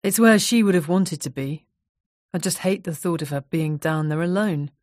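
A woman voicing a grieving widower who speaks softly and quietly, sounding numb. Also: normal speed, no echo, clean studio sound, natural voice. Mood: subdued. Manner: soft, low, numb-sounding.

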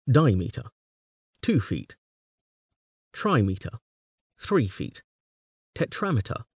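A man giving a slow, measured reading of a textbook on poetry. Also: on the low side, dry recording, clean studio sound.

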